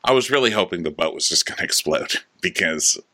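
A man's voice: sits low, expressive, a little fast, pushed and bright. A man co-hosting a podcast, snarkily recapping a show and putting on mocking voices. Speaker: podcast co-host. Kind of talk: casual recap chat.

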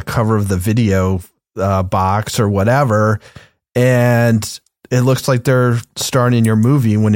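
A man's voice: on the low side, no echo, studio quality. A man on a podcast panel, musing in loose, rambling casual chat.

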